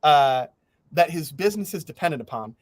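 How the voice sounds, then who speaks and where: A man hosting a podcast, telling a story in casual chat, animated, laughing through it and swearing freely. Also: a little high, brisk, background noise. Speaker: podcast host.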